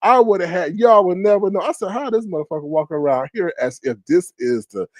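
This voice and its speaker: A man hosting a live stream and spinning comic, profane stories for his chat. His voice swings widely, leaping into loud high exclamations when he retells what he said, and the sound is dry and close. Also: lively intonation, a little fast, dry recording. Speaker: livestream host. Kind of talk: casual storytelling to a live chat.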